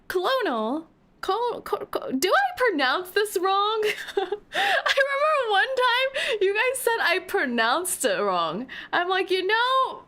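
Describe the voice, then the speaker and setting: A woman's voice: extremely high pitch, fairly bright tone. A woman streamer commenting on a game playthrough, giggling and squealing in mock despair while reading the game text aloud.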